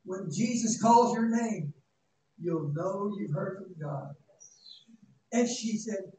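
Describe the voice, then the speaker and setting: Man, pastor, sermon, shouting climaxes, folksy humor, very echoey room, faint noise. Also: sits high, a little slow. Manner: dramatic, shouting at peaks, folksy asides. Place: church sanctuary. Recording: echoey church, distant mic, faint noise.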